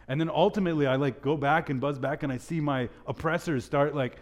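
A young man giving a sermon with a personal story, telling it in an animated way with many restarts. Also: mid-range voice, brisk, hardly any pauses. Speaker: speaker at a church gathering.

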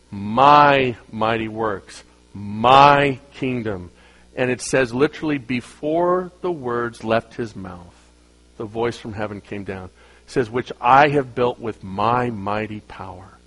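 A middle-aged man preaching a sermon, swinging between loud emphasis and quiet asides. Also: medium pitch, poor audio. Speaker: pastor.

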